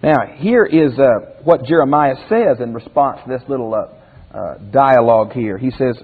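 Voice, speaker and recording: A man's voice: medium pitch, moderate pace, breathy edge, big-room sound, phone-quality sound. A man teaching a Bible commentary lesson as a pastor in a folksy way, asking his listeners rhetorical questions.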